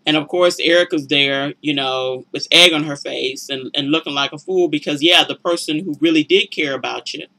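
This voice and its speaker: Bright-voiced chatty woman recapping TV. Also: low voice, moderate pace, hardly any pauses. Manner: chatty and judgmental, heavy "you know, and stuff" fillers. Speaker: reality TV commentator. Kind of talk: casual opinionated recap.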